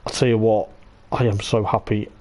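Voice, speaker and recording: An excitable man commentates a sim race live into his mic, piling on hype and repeating himself. His voice is mellow and warm, growing a little hoarse as he talks. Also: fairly low pitch, normal speed. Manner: excitable, repeats "I tell you what", laughs often. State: voice going hoarse.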